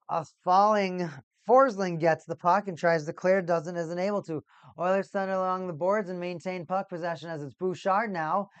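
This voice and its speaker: A livestream host giving casual play-by-play commentary on a hockey game for a watch party, an excitable talker who gets loud at big plays. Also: mid-range voice, smooth, no room sound.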